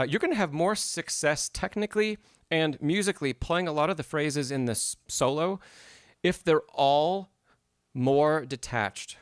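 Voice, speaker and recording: A man's voice: a little high, a bit bright, no room sound, studio quality. A man giving an encouraging piano masterclass on a live stream, explaining phrasing and humming passages aloud. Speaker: piano teacher.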